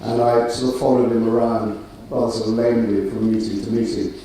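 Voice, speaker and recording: A middle-aged man delivers a ceremonial address with a mellow, relaxed tone and a dry, self-deprecating wit, pausing on small fillers. His voice carries from a distance through a very echoey auditorium. A faint murmur of the room sits underneath. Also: on the low side, slight background noise. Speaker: graduation speaker. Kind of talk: ceremonial speech. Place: large auditorium. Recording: roomy hall, distant mic, faint ambience.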